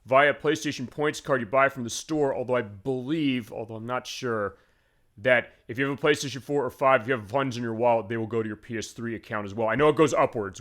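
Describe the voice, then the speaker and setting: A man's voice: medium pitch, fairly bright tone. A man hosting a retro game show, explaining in a rambling voice-over full of fillers. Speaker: game stream host.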